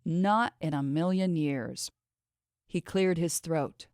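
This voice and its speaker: A woman narrating a fantasy audiobook in a measured, expressive reading. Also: low voice, dry recording, clean studio sound. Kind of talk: scripted fiction narration.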